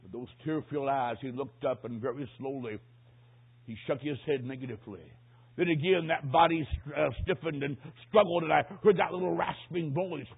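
A man preaching a sermon, telling a story dramatically and swinging from hushed tones to loud peaks. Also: fairly high pitch, normal speed, vocal fry, breathy edge. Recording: tinny phone-like sound.

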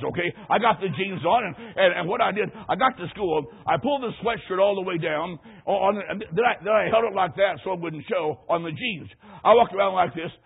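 A man's voice: sits high, fairly quick, vocal fry, hardly any pauses, slightly rough. A man preaching a sermon, telling a childhood story with emphatic, rising delivery. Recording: tinny phone-like radio broadcast.

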